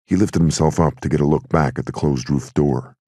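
A man narrates an audiobook in a very deep, husky voice. His delivery is steady and gritty, and the sound is dry and close. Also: a little fast, no echo. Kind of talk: scripted narration.

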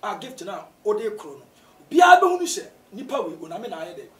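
A man with a Ghanaian accent, a pastor answering interview questions in a preaching style, often rising to shouts for emphasis. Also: sits high, quick pace. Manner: animated, bursts into shouts to stress points. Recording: roomy echo, distant from mic.

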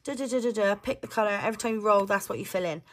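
A young woman chatting excitedly to her viewers as she unboxes her mail. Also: medium pitch, rapid-fire. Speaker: budgeting vlogger. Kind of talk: casual chat to camera while unboxing.

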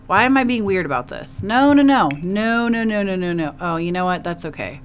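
A woman's voice: fairly low pitch, a little fast, slight background noise. A woman casually narrating a life-simulation game, chatty and emotive, cooing at her characters. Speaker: gaming video host. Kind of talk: casual let's play commentary.

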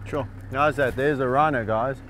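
A man's voice: medium pitch, fairly even intonation, normal speed, a bit bright, a little hiss or hum. A middle-aged man talking fondly and laughingly to animals outdoors, coaxing and teasing them on a handheld camera. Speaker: wildlife sanctuary keeper. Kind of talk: casual talk to animals on camera. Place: outdoors in the bush.

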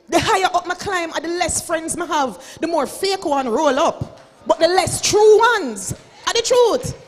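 A Jamaican woman in her forties delivers a fiery keynote to teachers, her voice set high and carrying. She preaches with drama and slides between standard English and Patois. The sound rings out with the long reverb of a big hall. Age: 40s. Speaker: school principal and keynote speaker. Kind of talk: motivational keynote speech.

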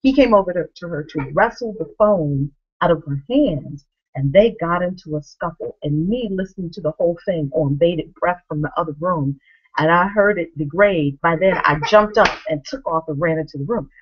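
A woman in her thirties, a vlogger, telling a family story to camera and acting out the people in it with lively swings in her voice. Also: fairly low pitch, moderate pace, breathy edge, dull audio. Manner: animated, acts out quoted voices.

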